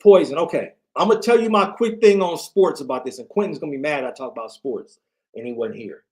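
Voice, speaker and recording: A tired man rants on a late-night livestream, circling back and repeating his points as he talks to his chat. His voice sits a little on the high side for a man. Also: a little fast, a little mellow. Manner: rambling, repetitive ranting, talks to chat. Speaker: livestream host.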